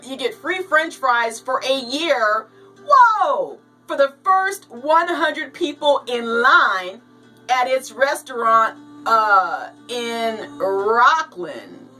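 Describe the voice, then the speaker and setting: A woman giving casual, animated commentary on news stories, with jokey asides. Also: fairly high pitch, distant mic, rough recording. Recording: voice a bit off-mic, with light music behind.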